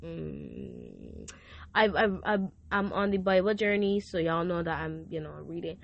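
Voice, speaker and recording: A woman's voice: on the low side, big pitch swings, unhurried, creaky, lo-fi sound. A young woman hosting a faith podcast, speaking casually and emotionally, often repeating herself. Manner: emotional, repetitive, faith-filled gratitude. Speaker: podcast host. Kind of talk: casual thank-you message.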